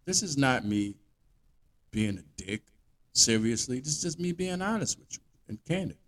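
Blunt, animated man ranting. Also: medium pitch, normal speed. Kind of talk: profane monologue rant.

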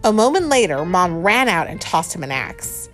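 A woman reading a picture book aloud to a child, animated and chatty, often laughing and stopping to talk with the child. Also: fairly low pitch, normal speed, faint music behind. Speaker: storybook reader.

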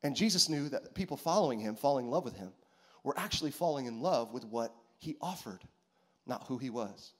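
A man preaching a sermon, animated and repetitive, calling out to the congregation. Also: mid-range voice, fairly quick. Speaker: pastor.

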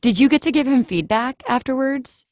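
Animated woman telling stories. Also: high-pitched, moderate pace, dry recording, studio quality. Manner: animated storyteller, acts out her own reactions. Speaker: standardized patient. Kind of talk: casual conversation.

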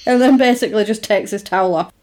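A woman's voice: medium pitch, quick pace, darkish tone. A woman in casual chat, animatedly recapping a film and acting out the characters' lines as she goes.

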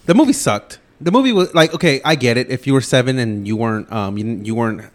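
A man's voice: mid-range voice, animated, fast. A man co-hosting a casual podcast movie review, talking in a blunt, cynical and profane way. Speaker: podcast co-host.

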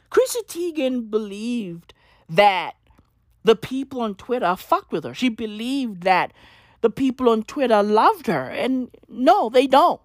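A woman giving a sarcastic commentary rant, full of slang and swearing, who often checks in with "right?". Her pitch moves a lot and sounds animated. The recording is dry and close, with no room sound. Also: dry recording. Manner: profane, slangy, keeps asking "right?". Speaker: commentary vlogger.

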